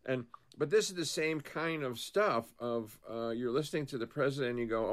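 A man co-hosting a casual political talk show, rambling and animated, telling stories with many restarts. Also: medium pitch, moderate pace, hardly any pauses.

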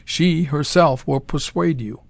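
A man reading the part of an arrogant, menacing mad scientist, speaking calmly and with self-assured threat in an audiobook. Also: a little high, a little slow, gravelly, dry recording. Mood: cold menace.

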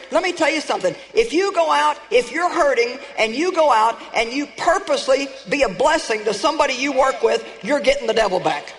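A woman's voice: high-pitched, lively intonation, fairly quick, hardly any pauses, noisy background. Emphatic woman preacher in a reverberant hall. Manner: emphatic, rallying the congregation with call-outs. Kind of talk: sermon. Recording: echoey hall with long reverb.

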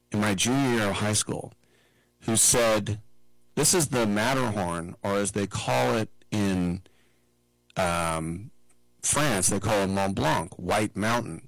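Middle-aged man, sports radio host, chatty and digressive, fry in a lowish voice. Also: fairly bright tone, no room sound, poor audio. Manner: chatty, digressive, mimics people in quick asides. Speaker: sports talk show host. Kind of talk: casual sports commentary monologue.

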